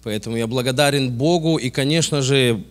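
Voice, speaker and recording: A man from Tajikistan giving an earnest, measured testimony at a church service. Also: mid-range voice. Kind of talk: formal testimony.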